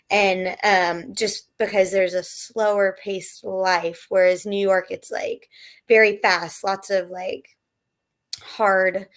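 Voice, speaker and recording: A woman's voice: mid-range voice, vocal fry. An American woman, a native-speaker guest, explaining things casually with plenty of fillers. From United States. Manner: relaxed, many fillers like "like" and "um".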